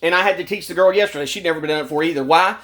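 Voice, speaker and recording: A man's voice: fairly high pitch, racing, fairly bright tone. A man ranting to camera in a vlog. He talks heatedly, repeats words, restarts his sentences and swears. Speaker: vlogger. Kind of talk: agitated rant to camera.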